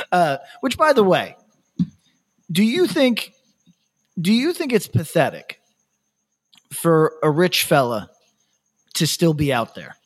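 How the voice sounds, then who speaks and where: A man hosting a podcast, telling rambling stories in casual chat, laughing often and dropping his voice low to quote people. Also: very animated, slow pace, pauses often, slightly rough. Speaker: podcast host.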